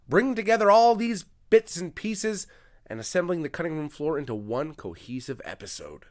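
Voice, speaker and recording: A man hosting a comedy podcast, delivering a monologue in an energetic, mock-grandiose and self-mocking manner. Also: high-pitched. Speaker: podcast host.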